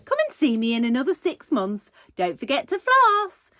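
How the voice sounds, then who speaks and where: A woman's voice: high voice, huge pitch swings, moderate pace, a bit bright, no room sound, voice pushed up, heavily acted. A woman reading aloud and voicing a creepy, falsely sweet female dentist who calls herself Mummy. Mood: sickly sweet. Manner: falsely sweet, mock-polite.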